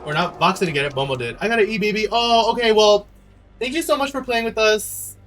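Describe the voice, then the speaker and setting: A man's voice: sits high, a little fast, fairly bright tone, soft background music. A young man streaming a game, chatting with teammates in a dramatic, sassy way. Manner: dramatic, sassy, shrieking and laughing. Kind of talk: gaming livestream commentary.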